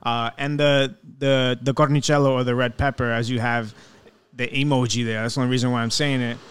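Smooth-voiced young man reading comments. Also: mid-range voice, level tone, a little fast, a bit bright. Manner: reads out listener comments, jokey. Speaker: podcast co-host. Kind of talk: casual chat.

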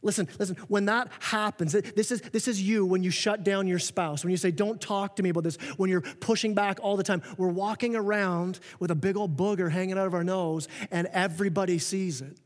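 A man preaching a sermon as pastor, earnest and animated, often restarting his sentences and acting out quoted remarks. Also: high-pitched, brisk, few pauses. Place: church auditorium. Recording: long reverb of a church hall.

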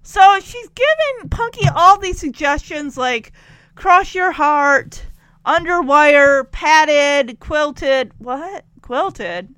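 A woman telling a chatty, animated story recap with exasperated asides. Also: high voice, takes it slowly, no room sound. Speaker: tv episode recapper.

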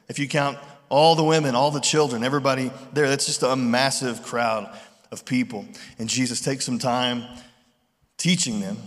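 A man preaching a sermon in a relaxed, conversational way, acting out voices in his retellings. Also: medium pitch. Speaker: pastor. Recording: long reverb of a large hall.

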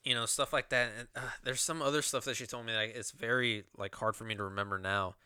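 A man's voice: mid-range voice, steady tone, fast, pushed and bright, clean tone, no echo, studio quality. A man telling a personal story in a rambling, casual way, with lots of swearing and fillers.

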